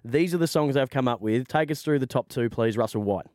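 A man's voice: medium pitch, a little mellow, dry recording, clean studio sound. A man hosting a radio show, bantering and joking with his co-hosts. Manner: jokey, brisk, laughs often. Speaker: radio host. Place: radio studio.

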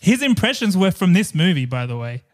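A man's voice: sits high, sing-song, a little fast. Giggly podcast co-host man. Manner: playful, giggly, riffing on jokes. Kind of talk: casual chat.

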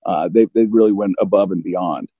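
A man in his forties with a dark, mellow tone, talking candidly as an interview guest. He is frank and self-deprecating and voices the other people in his story himself. The sound is dry and close, with little room reflection. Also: low-pitched, normal speed, husky, no room sound, poor audio. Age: 40s. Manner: open and self-deprecating, acts out both sides of dialogue. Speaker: guest recounting recovery.

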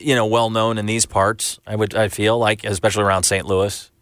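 A man's voice: on the low side, little pitch movement, a little fast, a bit bright, smooth, no echo, studio quality. A man co-hosting a casual sports talk show, agreeable and speaking in short interjections. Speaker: podcast co-host.

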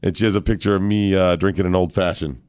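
A hoarse man hosting a morning radio talk show, telling animated stories and acting out what other people said. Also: low-pitched, fast, dry recording, clean studio sound. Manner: animated storyteller, acts out other people's lines.

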